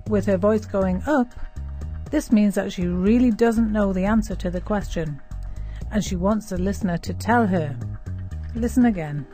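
Measured woman explaining grammar over soft music. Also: medium pitch. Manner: clear and measured. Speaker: grammar expert.

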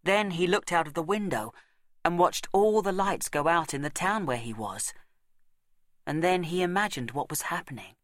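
Man narrating a storybook, measured and dry. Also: fairly high pitch, animated, fairly bright tone, no room sound. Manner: measured, dramatic pauses and slowed emphasis.

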